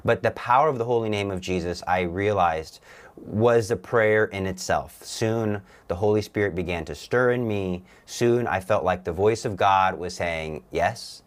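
A young man earnestly telling a personal story as a talk show guest, halting and repeating himself. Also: low-pitched.

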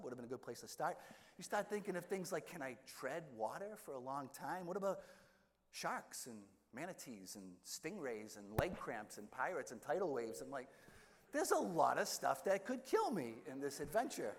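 Self-mocking priest telling a story. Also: male voice, a little high, very animated, normal speed. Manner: self-deprecating humorous storytelling. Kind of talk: sermon storytelling. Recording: echoey hall with long reverb.

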